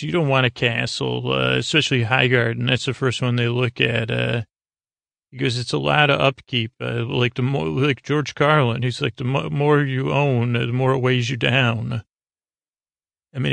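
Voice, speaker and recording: A man with a gravelly, creaky voice talks through an episode recap in a flat, level tone. He rambles and restarts often, filling pauses with "uh". The sound is dry and close, with no room around it. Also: medium pitch, no room sound. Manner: rambling, halting, many fillers and restarts. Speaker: podcast host recapping an episode. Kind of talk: casual sleepy recap monologue.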